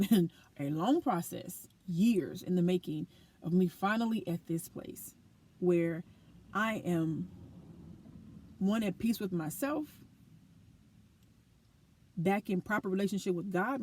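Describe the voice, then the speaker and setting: Talking to her camera in a personal vlog, an adult woman with a school-age daughter reflects on her life with earnest animation. Her voice is medium in pitch, darkish, and slightly rough, recorded with no room sound.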